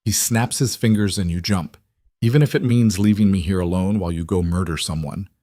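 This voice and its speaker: A man's voice: low voice, brisk, warm tone, no room sound, clean studio sound. A man doing a frightened, defiant young woman. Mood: upset. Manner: pleading, rising voice.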